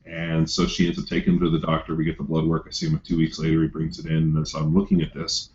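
Deep and low, a man talks loosely and at length, swearing freely and leaning on fillers like a coach swapping stories. The sound is dull and lo-fi, as if from a cheap podcast mic. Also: monotone, fast talker, a little mellow, a little hiss or hum. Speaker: coach telling a client story. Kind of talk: casual podcast chat.

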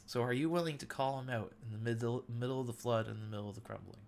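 A man's voice: mid-range voice, quick pace, creaky, a little hiss or hum. A man in his thirties hosting a devotional talk, sharing an earnest, emotional testimony. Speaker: podcast host.

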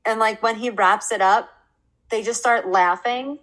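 A young woman co-hosting a podcast in casual chat, bubbly and quick to laugh. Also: a little high, low-quality recording. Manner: bubbly, laughs often, quotes people in animated bursts. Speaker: podcast co-host.

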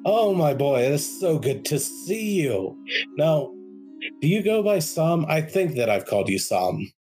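A man's voice: a little high, very animated, unhurried, mellow, voice pushed up. A man putting on an effusive, cheerful middle-aged author who gushes over guests, his voice lifted above the man's own. Faint guitar music runs underneath the tabletop game. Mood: delighted.

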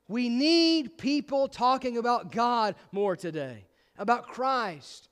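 A pastor preaching a sermon with emphatic, insistent delivery and frequent repeated restarts. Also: male voice, very high-pitched, lively intonation, slow pace, a bit bright, clear, resonant tone.

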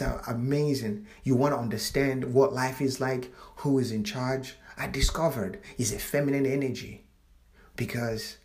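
Male channel host, casual spiritual monologue, emphatic and profane, free-flowing speech with restarts. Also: medium pitch. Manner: fluid non-standard grammar with frequent restarts.

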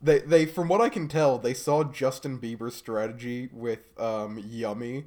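A male co-host talks casually at an even, middling pitch. His commentary is wry and dry. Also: a little slow. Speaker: podcast co-host. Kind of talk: casual chat.

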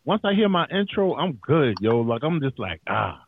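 A man hosting a podcast in casual chat, slangy and profane, with a radio-style voice and quick laughs. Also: mid-range voice, sing-song, narrow, tinny audio, slight background noise. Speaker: podcast host.

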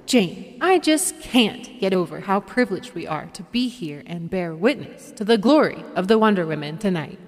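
A woman's voice: mid-range voice, lively intonation, normal speed, few pauses, in a large hall, natural voice. A woman playing a smarmy male awards-show co-host with hammy showbiz patter.

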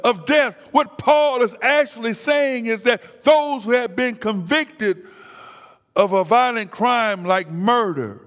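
A man preaching an impassioned sermon, dropping to a hush and then crying out, often repeating words. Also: very high voice, slow pace, big-room sound.

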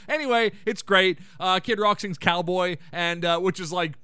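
A man's voice: sits high, a little fast, few pauses, sharp tone, clear, resonant tone, no room sound. A man hosting a podcast, giving a casual, irreverent recap of a sitcom episode with sarcastic asides and rants. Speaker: podcast host.

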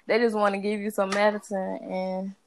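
A woman's voice: medium pitch, level tone, normal speed, noisy background. A woman in a casual chat, telling her story with animation and calling to the group. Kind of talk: casual chat among moms.

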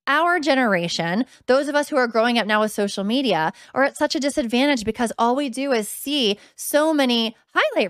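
A woman's voice: a little high, a bit bright, no room sound, studio quality. A woman in her thirties hosting a solo podcast, talking frankly and casually with lots of fillers and quoted inner voices. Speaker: podcast host.

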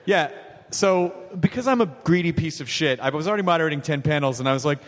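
A man hosting a live podcast interview, joking and sarcastic, quick to riff on what his guest says. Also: on the high side, animated. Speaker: host. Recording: live theater stage mic with hall reverb.

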